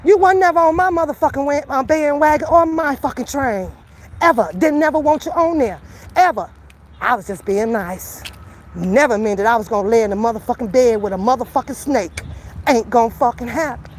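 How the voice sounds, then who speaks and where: A woman's voice: sits high, slight background noise. A woman commentator calling someone out to camera in a profane, confrontational rant, taunting and then lecturing. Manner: slows into calmer lecturing. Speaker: YouTube commentator. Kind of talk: angry call-out rant to camera.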